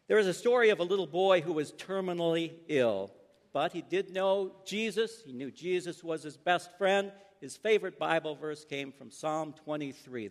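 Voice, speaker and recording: Preacher man with big hushed-to-loud swings. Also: fairly high pitch, expressive, normal speed. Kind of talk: sermon with story. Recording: long hall reverb.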